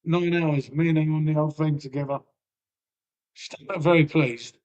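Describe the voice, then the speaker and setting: A man with a Lincolnshire accent chats loosely on his own live stream. His voice sits high for a man, and he rambles, swears and calls everyone mate. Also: steady tone, moderate pace, a little mellow, lo-fi sound. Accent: Lincolnshire English. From Lincolnshire, England. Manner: banters with chat, swears freely, trails off; folksy, peppered with "mate" and "innit". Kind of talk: casual live-stream chat.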